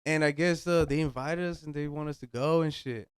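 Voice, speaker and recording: A young man, co-hosting a podcast and telling stories in a relaxed way, swearing casually. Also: fairly high pitch, brisk, smooth, no room sound, studio quality. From United States. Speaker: podcast co-host. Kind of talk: casual chat.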